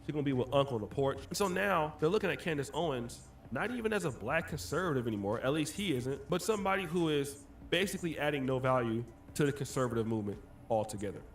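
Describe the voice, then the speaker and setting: A man's voice: mid-range voice, lively intonation, fast. A man in explanatory commentary, walking listeners through a story step by step.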